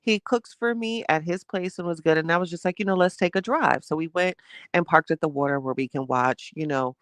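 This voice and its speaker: A woman's voice: lowish voice, brisk, no echo. A young woman, livestreaming and telling a dating story to her chat in a casual, laughing way. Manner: animated, laughing, reads chat names aloud. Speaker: livestream host.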